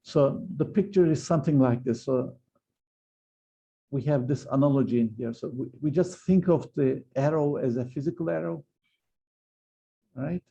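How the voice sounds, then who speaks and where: A man's voice: mid-range voice, normal speed, vocal fry, pauses often, dark tone. A man giving a university physics lecture, explaining step by step with frequent hesitations and restarts. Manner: hesitant, many fillers and restarts while explaining. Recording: slightly dull lo-fi lecture recording.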